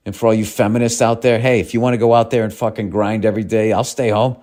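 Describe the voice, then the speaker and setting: A man's voice: fairly low pitch, little pitch movement, fast, darkish tone. A man hosting a comedy podcast, ranting in a profane, sardonic way and reading listener mail.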